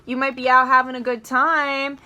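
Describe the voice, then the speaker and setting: A woman's voice: high voice, level tone, moderate pace, pushed and bright, lo-fi sound. A young woman doing a casual tarot reading to camera, chatty, swearing freely and acting out little quoted asides. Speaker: tarot reader.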